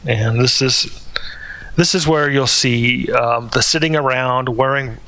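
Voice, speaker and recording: A man's voice: medium pitch, a little slow, pushed and bright. A man talking through a spoken commentary in a hesitant way, with many fillers and restarts. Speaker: channel host.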